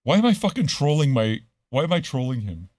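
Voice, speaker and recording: A man hosting a live radio show, ranting casually and swearing a lot, swinging between loud outbursts and low muttering. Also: very animated, fairly quick, no room sound, studio quality.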